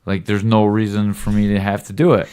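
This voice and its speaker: A man's voice: lowish voice, little pitch movement, normal speed, dark tone, clear, resonant tone. A man, a podcast host, giving his son a rambling, earnest fatherly lecture in casual talk, often checking in with "right?". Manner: lecturing, occasional cussing.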